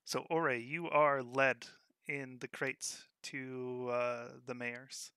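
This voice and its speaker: A man narrating as game master of a tabletop game, in a relaxed, unhurried way. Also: medium pitch, smooth, no echo, clean studio sound.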